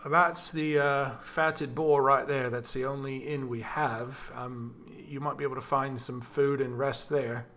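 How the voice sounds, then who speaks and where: A man voicing a shy, helpful peasant farmer who talks in a halting, stammering way, in a tabletop game. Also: mid-range voice, level tone, a bit bright, a little hiss or hum, close to an everyday voice. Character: humble middle-aged male peasant farmer, shy and helpful.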